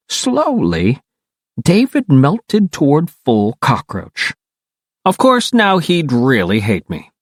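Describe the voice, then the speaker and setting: An animated male audiobook narrator with a wry, playful touch, his pitch jumping and swooping for effect. The reading is dry and close-miked, with no room around it. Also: slightly rough, no echo. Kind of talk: first-person audiobook narration.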